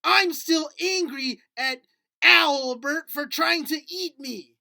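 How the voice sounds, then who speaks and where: Man doing a whiny high puppet critter. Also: takes it slowly, gravelly, bright, forceful tone, full character voice. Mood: indignant. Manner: whiny, indignant, sing-song. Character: small fretful male puppet critter, grudge-holding. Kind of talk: puppet skit in a lesson.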